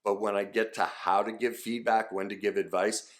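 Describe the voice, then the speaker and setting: Middle-aged male coach, deep voice, earnest conversational teaching. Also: flat delivery, moderate pace. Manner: earnest, conversational, acts out example dialogue. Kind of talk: direct-to-camera teaching.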